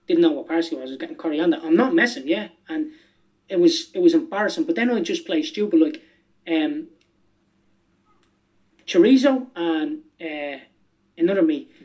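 Man, raised pitch, rambling casual storytelling, cursing, podcast guest. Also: expressive, darkish tone, poor audio. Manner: rapid, rambling, swears freely.

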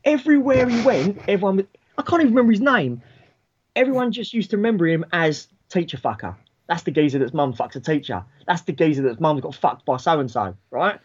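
Chatting casually, a fortysomething man spins an animated school tale full of swearing, impersonating the people he quotes. His husky voice is fairly high-pitched and fairly quick, and the recording has its highs cut off.

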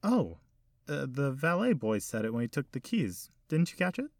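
A man voicing a young woman photographer who talks quickly and eagerly, a little awkward. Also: mid-range voice, big pitch swings, no echo, clean studio sound, distant mic, pitched above the performer's own voice.

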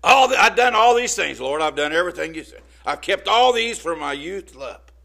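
An eager, self-assured young man with a high, lifted voice , as a preacher puts him on. He speaks loudly and bright, pressing his case with earnest pride. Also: lively intonation, moderate pace, creaky, heavily acted.

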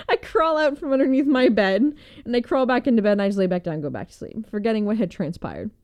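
A woman's voice: on the high side, lively intonation, brisk, a little mellow. A young woman casually telling a personal story, rambling with lots of fillers and frequent laughter. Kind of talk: casual chat.

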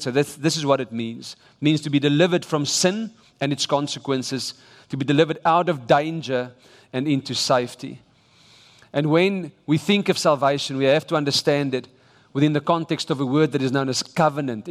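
South African man preaching in an echoing hall. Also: a little high. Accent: South African English. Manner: emphatic, exhorting delivery with frequent restarts. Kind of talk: sermon. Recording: long reverb of a large church hall.

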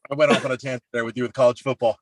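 A man co-hosting a casual sports podcast, talking about his football team in a chatty, relaxed, self-deprecating way. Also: medium pitch, very fast. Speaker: podcast co-host.

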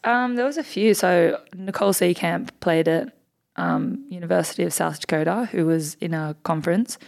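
Speaking at a moderate pace in a fairly low, gravelly voice, a young Australian basketballer in her twenties chats on a podcast. She's an upbeat storyteller who leans on "like" and "um" a lot throughout the casual interview.

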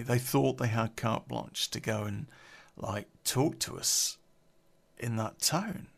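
A man's voice: on the high side, vocal fry. A man telling an unedited personal story on a podcast, blunt, sweary and rambling, drinking beer as he talks.

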